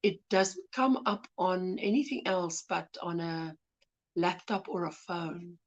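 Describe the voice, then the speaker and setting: Recorded on a phone with dull audio, a soft-spoken South African woman runs an easygoing crochet livestream, greeting viewers fondly and reading their comments. Her voice is on the low side and slow.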